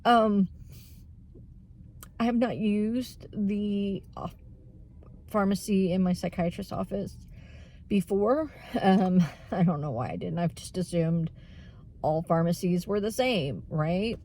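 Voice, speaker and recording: A woman talking openly to her viewers in a casual vlog, with many fillers and frequent throat clearing. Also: fairly low pitch, unhurried, mellow. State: tearful at times. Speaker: vlogger. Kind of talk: casual vlog chat while running errands.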